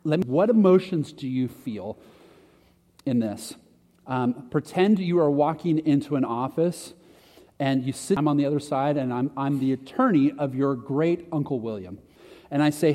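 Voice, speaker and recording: A pastor with a slightly high, warm voice preaches at a moderate pace in a casual, conversational way, poking fun at himself and restarting his sentences. The recording carries a long hall reverb.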